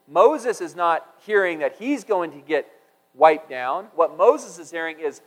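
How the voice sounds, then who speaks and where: A man's voice: fairly high pitch, expressive, measured pace, fairly bright tone. A man preaching a sermon, reading scripture aloud and acting out the quotes with big swings in volume. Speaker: pastor. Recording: long hall reverb.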